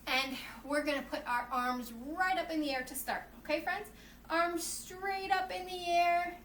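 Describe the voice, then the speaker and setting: A woman's voice: very high-pitched, fairly even intonation, a little slow, a bit bright, far from the mic. A woman who teaches yoga to children, cheerfully reading a storybook and leading a class, often calling the listeners friends. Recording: roomy echo, faint noise.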